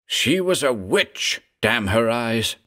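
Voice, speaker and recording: A man's voice: medium pitch, lively intonation, measured pace, creaky, breathy edge, voice pushed up, exaggerated voice. A man voicing a fevered, terrified male heir who raves wildly, then falls faint and broken. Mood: frantic raving.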